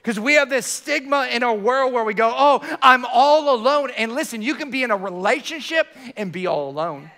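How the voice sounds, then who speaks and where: A man preaching a sermon to his church, animated, often restarting his words. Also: very high voice, brisk, hardly any pauses. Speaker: pastor.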